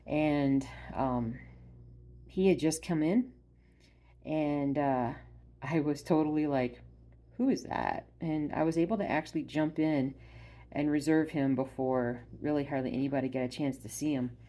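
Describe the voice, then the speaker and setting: A woman vlogging casually at home about stitching. She rambles with many ums and uhs and often drops to a soft murmur. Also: sits low, measured pace. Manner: soft-spoken, drops to a murmur when addressing her dog. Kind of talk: casual chat. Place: at home by her stitching spot.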